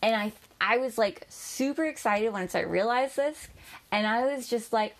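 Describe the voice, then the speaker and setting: A woman's voice: medium pitch, moderate pace. Chatty, bubbly woman. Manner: chatty, bubbly, many fillers and restarts, laughs often. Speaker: spiritual vlogger. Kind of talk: casual advice monologue.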